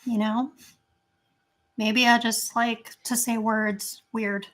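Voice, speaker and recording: A chatty woman with a high, bright voice rambles through a casual tasting chat at home. She leans on fillers as she talks. Her voice sounds strained and not at its best. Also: flat delivery, takes it slowly. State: voice strained, not great right now. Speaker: channel host.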